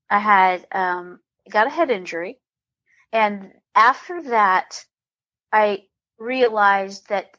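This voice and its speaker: A woman's voice: mid-range voice, a bit bright, dull audio. A woman, a comedian guest on a podcast, talking in a rambling way with many restarts. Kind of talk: casual interview.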